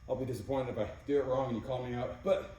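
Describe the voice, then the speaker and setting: A fitness coach, a man, talks through a workout in a casual way and counts out each rep. His tone is mellow and relaxed. He sounds far from the mic in a very echoey room, with faint noise behind him. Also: mid-range voice, fast talker. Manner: casual coaching, counting reps between exercise cues. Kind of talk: workout instruction.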